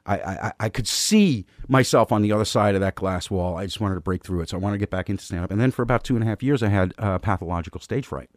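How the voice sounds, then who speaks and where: Guest spot: low-pitched man, dry close mic, rambling self-mocking storyteller. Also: fast talker, few pauses, dry recording. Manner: rambling, candid storyteller who laughs at himself. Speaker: comedian guest. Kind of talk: casual interview conversation. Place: host's garage studio.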